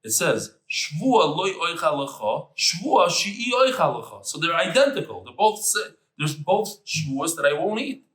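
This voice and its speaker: Male Talmud teacher, bright and animated delivery, echoey room. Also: on the high side, measured pace, few pauses. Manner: animated, chatty, mixes Hebrew terms into English. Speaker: Daf Yomi teacher. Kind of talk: lively Talmud lecture. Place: room with tables and air conditioner.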